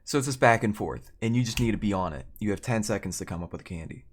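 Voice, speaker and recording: A man's voice: on the low side, lively intonation, fast. A man streaming a game and telling a long story in a loose, rambling way, correcting himself often and chuckling between lines. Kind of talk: casual storytelling while gaming.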